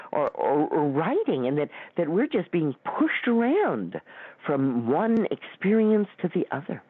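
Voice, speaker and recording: A middle-aged woman hosting a radio show, telling stories in an animated way and acting out the voices she quotes. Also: husky, dry recording. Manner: animated, acts out quoted voices with big pitch swings. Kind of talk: storytelling talk. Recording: phone-line sound.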